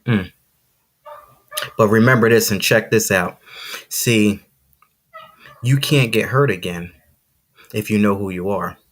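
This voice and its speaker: Man, low-pitched voice, podcast host, motivational monologue, preachy, emphatic, repeats for effect, addresses listeners. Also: slow pace, long pauses. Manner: preachy and emphatic, repeats phrases, says "see"; excited, talks to listeners directly. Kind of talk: motivational live-stream monologue.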